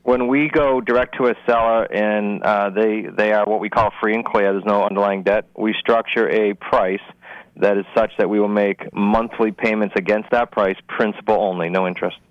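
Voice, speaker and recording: A man's voice: on the low side, steady tone, moderate pace, dry recording, highs cut off. A man from Rhode Island with a Rhode Island accent, a guest on a radio talk show, explaining real estate deals in a confident, methodical way.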